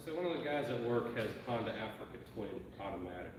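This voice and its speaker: A man's voice: mid-range voice, lively intonation, fast, a little mellow, in a large hall. Man calling out from across a garage. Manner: short teasing interjections.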